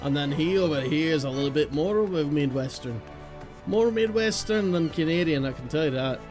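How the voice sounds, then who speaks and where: A man's voice: fairly high pitch, lively intonation, fairly quick, over music. A man streaming a game, chatting casually with a joking, loose manner and swearing freely.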